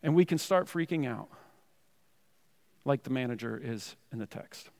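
A man's voice: mid-range voice, lively intonation, moderate pace, a little mellow, in a large hall. A man preaching a sermon in a church, talking in a conversational way with many asides to the congregation. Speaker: pastor. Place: church sanctuary.

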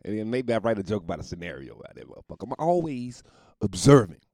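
A man's voice: lowish voice, big pitch swings, quick pace, a little mellow, no room sound, clean studio sound. A man who is a comedian telling a profane story in a loose, laid-back way, laughing through it. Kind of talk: casual storytelling monologue.

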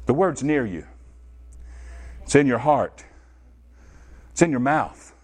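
Here a preacher takes it slowly, addressing his congregation head-on. His delivery is animated, lurching from loud high outbursts down to hushed, low asides.

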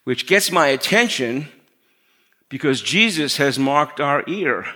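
A middle-aged man preaching a sermon in a conversational way, dropping to a hush to stress his points. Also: on the high side, expressive, slow. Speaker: pastor.

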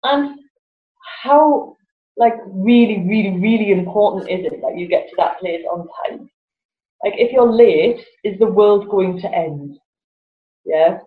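A woman's voice: mid-range voice, unhurried. A woman, a guest in an interview, telling stories animatedly, laughing often and acting out voices. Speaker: guest, laughter yoga teacher. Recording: roomy, slightly dull sound with faint music.

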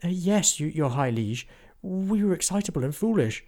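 Cheerful eager sidekick, raised pitch, as a man puts him on. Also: expressive, moderate pace, a little mellow, close to an everyday voice. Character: cheerful companion Mulch.

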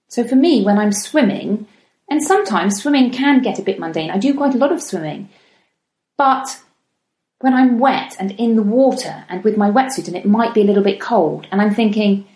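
Woman musing in an echoey room. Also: mid-range voice. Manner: gentle, chatty, slows down for emphasis. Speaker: podcast host. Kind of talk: reflective solo talk.

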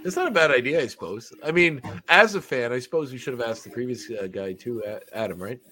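A Canadian man co-hosting a podcast in easy, casual chat. He jokes at his own expense and keeps restarting his sentences. His voice sits at an ordinary middle pitch. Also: expressive, fast talker, sharp tone. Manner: joking, self-deprecating, stumbling restarts. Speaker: podcast co-host.

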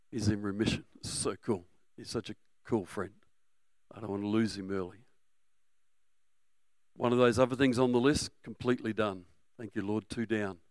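A middle-aged Australian man preaching a sermon, energetic and humorous, sometimes breaking into shouts. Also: mid-range voice, dry recording. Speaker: pastor.

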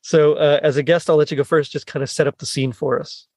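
Man, podcast host, casual chat, frequent laughter, higher voice, dry close mic. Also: little pitch movement, fast talker, a little mellow, no echo. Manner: laughs often while talking.

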